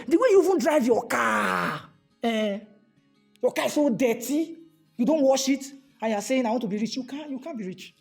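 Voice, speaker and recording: A woman's voice: high voice, creaky, darkish tone. A Nigerian woman giving an emphatic motivational talk, repeating key phrases and slipping into pidgin. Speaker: motivational speaker.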